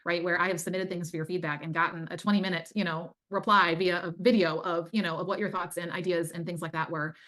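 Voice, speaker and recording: A middle-aged woman, a time management coach, tells her story earnestly and with faith as a guest in a casual interview. Her voice is on the low side and a bit bright, with fairly even intonation, spoken fast with few pauses.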